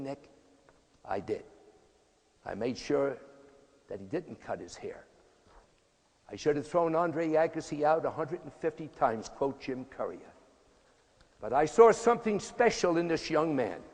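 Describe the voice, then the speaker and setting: A husky, slightly high voice belongs to a man in his 80s who coaches tennis and speaks motivationally. His speech comes across punchy, folksy and emphatic, with echoey hall reverb around it.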